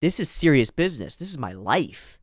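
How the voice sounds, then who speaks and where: A man's voice: fairly high pitch, sing-song, moderate pace, no echo, voice pushed up. A proud rival rapper, stung and honor-bound, as a man acts him out, delivering an indignant lecture. The voice stays near his own, rising and falling sharply with each accusation. It is heard close and dry.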